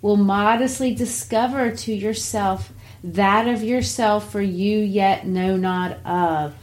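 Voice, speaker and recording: A woman reading the part of Cassius, a scheming, persuasive Roman general, slow and deliberate in her verse reading. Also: mid-range voice, steady tone, close to an everyday voice.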